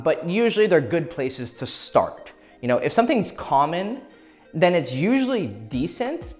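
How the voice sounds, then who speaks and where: Male dating coach, casual and profane, mid-range voice, faint music underneath. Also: medium pitch. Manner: casual and profane, acts out short quoted exchanges. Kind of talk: instructional talk to camera.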